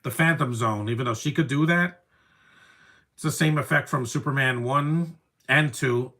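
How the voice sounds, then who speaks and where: A young man giving casual live commentary over a movie, wry and opinionated, often trailing off into quiet asides. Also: medium pitch, normal speed. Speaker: film commentary host.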